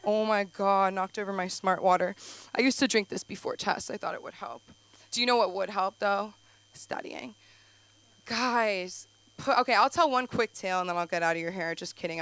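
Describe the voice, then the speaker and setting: Bright-voiced young woman hosting stand-up. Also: fairly high pitch, clean tone, no room sound, rough recording. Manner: rambling, self-deprecating, quick asides. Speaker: stand-up comic and show host. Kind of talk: live stand-up comedy. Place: comedy club stage.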